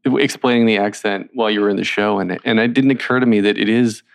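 A man interviewing a guest, asking curious questions in a relaxed, chatty way. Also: fairly low pitch, fast, vocal fry. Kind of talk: casual interview chat.

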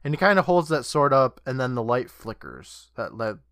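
A man's voice: medium pitch, sing-song, moderate pace, a bit bright, dry recording, clean studio sound. A man co-hosting a podcast, casually retelling a TV episode scene by scene and slipping in jokes. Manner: jokey, retells scenes quoting lines. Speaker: podcast co-host. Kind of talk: casual chat recapping a TV episode.

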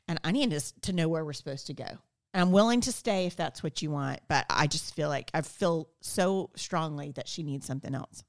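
A middle-aged woman, a podcast guest, telling stories in casual conversation and acting out quoted lines with lively energy. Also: low voice. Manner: animated, acts out quoted dialogue. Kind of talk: casual storytelling interview.

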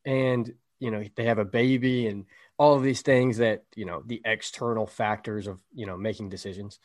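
A man's voice: on the low side, fairly even intonation, moderate pace, a little mellow. A man co-hosting a podcast, talking in a casual, emphatic, motivational way and checking in with "right?". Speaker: podcast co-host.

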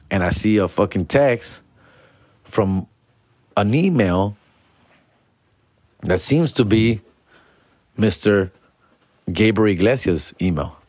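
A man's voice: mid-range voice, no room sound. Slangy, profane man. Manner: animated, profane, slangy, acts out his own quoted reactions. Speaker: podcast host and comedian. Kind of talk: casual storytelling.

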